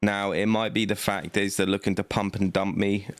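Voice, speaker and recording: A man's voice: on the low side, level tone, moderate pace, no echo. A man, giving cocky, trash-talking commentary as he plays a card game. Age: late 20s. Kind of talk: gameplay commentary.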